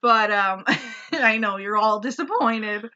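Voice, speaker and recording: A woman co-hosting a casual podcast chat, sarcastic and quick to swear and laugh. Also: medium pitch, sharp tone, lo-fi sound. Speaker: podcast co-host.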